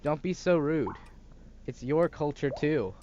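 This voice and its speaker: A man's voice: a little high, expressive, measured pace, darkish tone, muffled recording, a little hiss or hum. A man reading the lines of a strict, worried middle-aged mother in a story game, scolding and nagging. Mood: stern. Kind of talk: reading game dialogue aloud.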